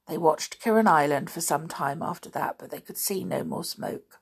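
A woman reading a children's storybook aloud, steady and measured. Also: deep voice, husky. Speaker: audiobook reader. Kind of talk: storybook narration.

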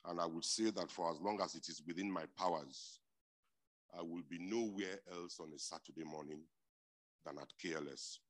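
A man preaching a sermon, emphatic and repeating his key phrases, dropping to quiet stretches and rising to loud, forceful bursts. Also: deep voice, fairly quick.

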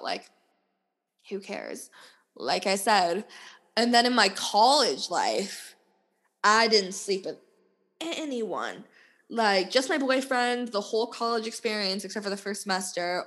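A woman in her twenties talks straight into a podcast mic in a loose, candid solo chat. Her speech is peppered with "like" and quick laughs, and her voice sits at an average pitch for a woman. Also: fairly bright tone. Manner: candid, chatty, full of "like" fillers and laughs. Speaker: podcast host.

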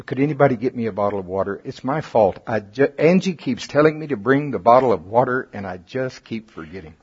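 A man preaching a sermon to a congregation, folksy and animated, his pitch and volume climbing at the high points. His voice is husky and his mouth is getting dry. The recording sounds dull and lo-fi. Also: a little fast.

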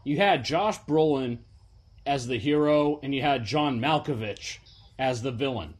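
A man's voice: medium pitch, a little slow. A man co-hosting a casual podcast, chatting loosely about movies and quoting lines with a laugh. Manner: laid-back, quotes film lines with laughs. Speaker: podcast co-host. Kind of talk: casual chat.

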